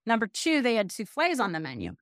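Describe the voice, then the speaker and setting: A woman's voice: fairly high pitch, fairly quick, dry recording, clean studio sound. A middle-aged woman from California, a guest telling a story in an interview, chatty and self-deprecating. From Pasadena, California. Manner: chatty, self-deprecating, animated quoted asides. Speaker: podcast guest, business owner.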